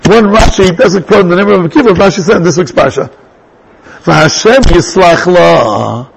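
A man teaching a Torah class in an animated way, restarting sentences and mixing in Hebrew terms. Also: high voice, very fast, breathy edge, rough recording. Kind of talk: lively Torah lecture.

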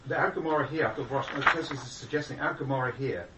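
A man in a class asking the teacher questions, halting with fillers as he talks. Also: mid-range voice. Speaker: class participant. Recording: roomy, distant from the mic with faint noise.

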